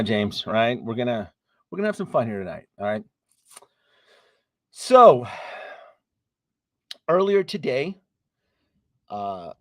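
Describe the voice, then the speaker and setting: A man's voice: on the low side, no room sound, studio quality. A man hosting a casual live stream, chatting with viewers, greeting them by name, laughing often and trailing off into restarts.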